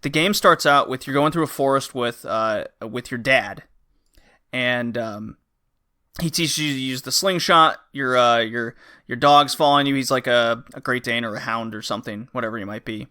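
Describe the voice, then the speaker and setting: A male podcast host chats casually about a game in a review-style conversation, rambling and acting out the characters' lines. His voice is medium-pitched and bright with a forceful tone, at a moderate pace.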